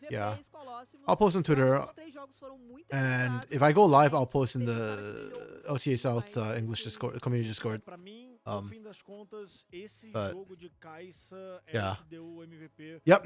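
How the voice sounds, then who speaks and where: A man co-streaming an esports match, talking in a casual, joking, rambling way, his voice hoarse from yelling. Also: mid-range voice. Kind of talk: casual live-stream commentary.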